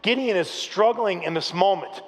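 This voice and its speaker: Man, 30s, pastor, high tenor, animated storyteller, long hall reverb. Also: normal speed. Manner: lively storytelling, acts out quotes, jokes with the congregation. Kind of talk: sermon. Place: church auditorium, live service.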